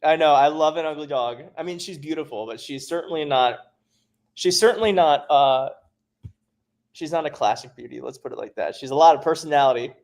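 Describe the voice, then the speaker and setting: A man hosts a casual livestream from home, chatting, reading viewer comments aloud, and laughing often. His voice is on the high side with a darkish tone, and he talks a little fast.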